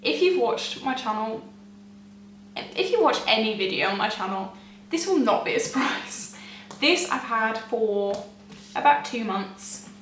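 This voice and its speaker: A young woman gushing excitedly to camera as a beauty vlogger, chatty and often laughing. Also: a little high, measured pace, a little hiss or hum. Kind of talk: casual chat to camera. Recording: echoey room, mic at a distance.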